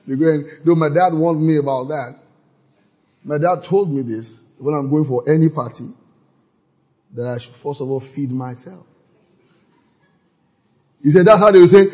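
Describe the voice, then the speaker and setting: A man preaching a sermon, lively and playful, acting out church members in mocking voices. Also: on the high side, normal speed, pauses often. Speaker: pastor.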